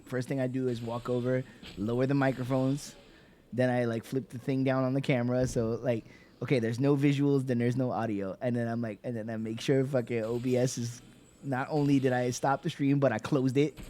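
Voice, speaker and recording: A man's voice: medium pitch, darkish tone, a little hiss or hum. A man streaming a game, chatting in a laid-back way and muttering at what is on screen. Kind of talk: casual chat while gaming.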